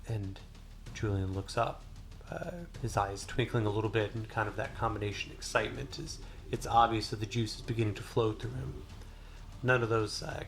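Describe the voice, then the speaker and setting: A relaxed male game master narrates a solo tabletop game, pausing often on filler sounds. His voice has a gravelly edge, and music plays clearly behind it throughout. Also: fairly low pitch. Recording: voice over clear background music.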